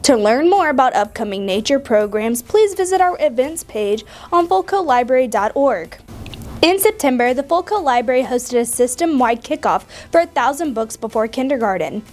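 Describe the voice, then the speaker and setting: A woman narrates a library newsletter with upbeat, scripted delivery. Her voice sits notably high. Each line lands clean and promotional. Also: animated, moderate pace, darkish tone.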